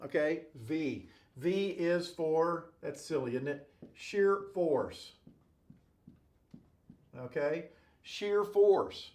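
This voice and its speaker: A man's voice: on the high side, expressive, extremely slow, long pauses, a little mellow. A male engineering instructor giving a classroom-style lecture at a whiteboard, playful and jokey, checking in with "okay?" and "right?" all the time.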